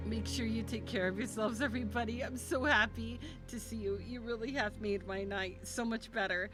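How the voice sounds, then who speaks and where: A woman game streamer chatting casually on a live stream, gushing and affectionate with her viewers. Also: mid-range voice. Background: game music.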